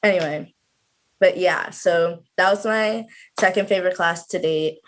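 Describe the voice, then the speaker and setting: A woman's voice: lowish voice, a little slow. A woman of about twenty, a student guest on a video call, chatting casually with lots of "like" fillers. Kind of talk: casual interview chat.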